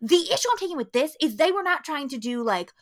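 A woman's voice: sits high, sing-song, fast talker, fairly bright tone. A young woman co-hosting a podcast, ranting in heated, profane bursts and acting out quoted lines. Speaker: podcast co-host. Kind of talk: casual podcast chat.

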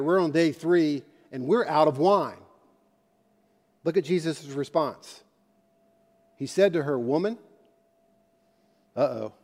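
Man, pastor, sermon, fairly high voice, impassioned with casual asides, long church reverb. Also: darkish tone. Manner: impassioned preaching with rising emphasis and conversational asides. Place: church sanctuary.

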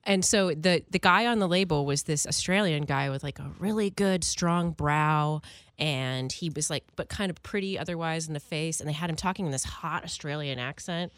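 Woman, lower voice, chatty storyteller, dry close sound. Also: normal speed, no room sound. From West Philadelphia. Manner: chatty, lots of "like". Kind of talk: casual chat.

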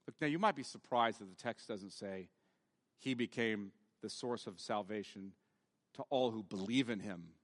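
A man's voice: fairly low pitch, normal speed, in a large hall. A man preaching a sermon as pastor, reading scripture aloud with passion in a church sanctuary.

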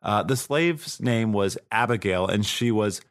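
Low-voiced guy cohosting a podcast, rambly and swears a lot. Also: expressive, unhurried. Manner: loose, profane storytelling with fillers. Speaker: podcast co-host. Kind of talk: casual history podcast chat.

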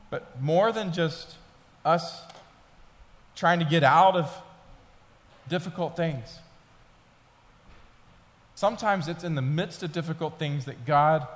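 Pastor, male, 30s; conversational storyteller who builds to urgency; church hall reverb. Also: on the high side. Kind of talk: sermon. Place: church sanctuary.

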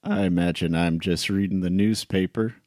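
A man playing a tabletop game in character, terse and deadpan. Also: low voice, moderate pace, dry recording, clean studio sound. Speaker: player.

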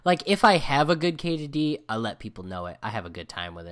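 A man co-hosting a podcast in casual chat, telling stories in a lively, cursing way. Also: mid-range voice, fast talker, few pauses. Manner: animated, swings between loud and quiet, profane. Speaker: podcast co-host.

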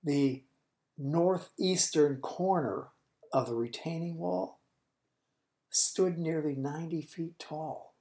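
Low, dark-voiced woman preaching a story. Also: takes it slowly. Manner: vivid retelling that swings from booming to hushed. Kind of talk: sermon storytelling.

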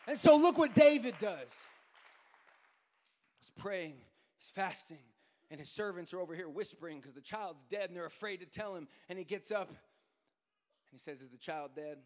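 A man preaching a sermon as pastor, going from quiet storytelling to shouted, sing-song preaching. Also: sits high, expressive, moderate pace, long reverb tail. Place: church sanctuary.

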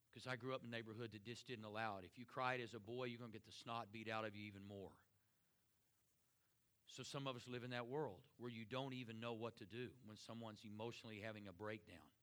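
A middle-aged pastor speaking in an earnest, conversational sermon style, often easing into soft, slow words and prayer. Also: male voice, mid-range voice.

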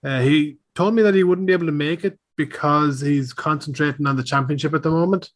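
A man hosting a casual podcast interview, asking relaxed, friendly questions. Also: a little high, fairly quick. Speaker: podcast host.

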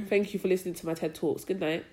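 A young woman, chatting casually as a podcast co-host, often asking "do you know what I mean" and getting loud when she rants. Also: on the low side, fairly even intonation, quick pace, slight background noise. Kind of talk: casual chat.

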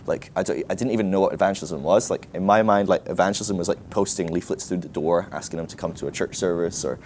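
A man's voice: sits low, quick pace, a little mellow, a little hiss or hum. A man speaking at a ministry school, telling a self-deprecating story in a casual sermon, full of "like" and restarts.

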